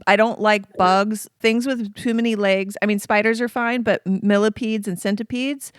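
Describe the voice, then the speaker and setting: A woman's voice: mid-range voice, steady tone, normal speed, clean tone, dry recording, clean studio sound. A woman co-hosting a podcast, chatting casually and talkatively with her guest, laughing easily. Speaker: podcast co-host. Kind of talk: casual chat.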